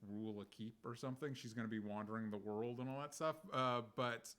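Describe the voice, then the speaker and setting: A man talks quickly and eagerly while co-hosting a casual TV review. He stumbles through restarts and keeps throwing in "yeah" and "like". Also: medium pitch, fairly even intonation, a bit bright, smooth. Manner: enthusiastic, many "yeah"s and restarts. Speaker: co-host of a TV review show.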